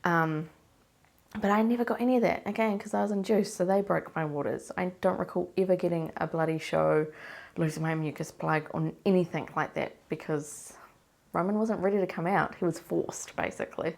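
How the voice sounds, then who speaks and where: A woman's voice: lowish voice, gravelly, a little mellow. A young woman talking to camera in a casual diary vlog, sounding congested from a cold, rambling anxiously and asking herself worried questions. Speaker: vlogger.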